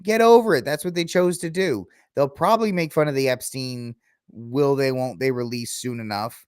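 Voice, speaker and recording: A man hosts his own podcast and rants through a solo commentary, with sarcastic asides that mock the people he argues with. He speaks at a middle pitch for a man. His voice is recorded dry and close, with no room sound around it. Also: normal speed, smooth, no echo. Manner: ranting, sarcastic, mocking asides. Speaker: podcast host.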